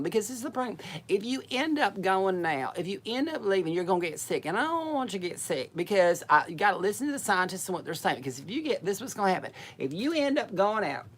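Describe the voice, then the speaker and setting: A woman's voice: medium pitch, animated, fast. A woman from Alabama with a Southern accent, telling rambling, bawdy comic stories in a folksy way. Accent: Southern American, Alabama. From Alabama, USA. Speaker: comic entertainer. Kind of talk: comic storytelling chat.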